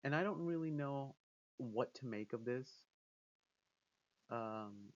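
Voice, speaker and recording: A man's voice: mid-range voice, expressive, slow pace, muffled recording. A man giving casual spoken commentary as a vlogger, rambling with restarts and acting out quotes.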